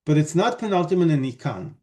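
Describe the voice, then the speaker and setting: A man lecturing at an academic conference, with a fairly high but dark, mellow voice. He explains patiently, stopping often with fillers and restarting his sentences. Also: animated, quick pace. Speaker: linguistics lecturer.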